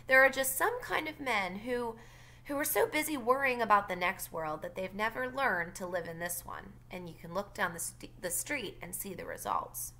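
A woman voicing a sharp-tongued older neighbor woman from the South, with a dry, blunt, wry way of talking. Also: mid-range voice, expressive, moderate pace.

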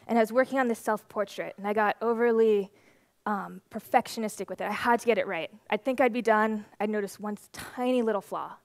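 A woman's voice: medium pitch, dry recording. Young woman telling a story on stage. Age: 20s. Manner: lively, animated storytelling with quick laughs. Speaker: conference speaker. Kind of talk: storytelling conference talk. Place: stage at a conference.

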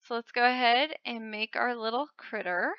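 A woman hosting her own channel, giving casual game commentary in an excitable way, often breaking into gasping exclamations. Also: on the high side, normal speed, no echo. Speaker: channel host. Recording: dull lo-fi dry recording.

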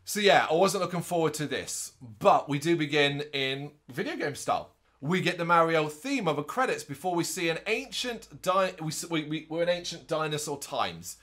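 A man co-hosting a podcast, chatting casually and recapping a movie in an animated way, with quick asides in put-on voices. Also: a little high. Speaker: podcast co-host. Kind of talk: casual movie review chat.

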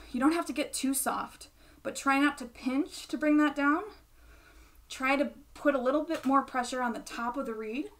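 A young adult woman giving a patient music lesson, explaining step by step and checking in with the listener. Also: a little high. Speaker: bassoon teacher. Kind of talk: instructional explanation.

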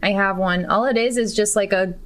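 A woman's voice: mid-range voice, fairly even intonation, a little fast, fairly bright tone. A young woman giving casual, giggly gameplay commentary full of crude jokes. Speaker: game streamer.

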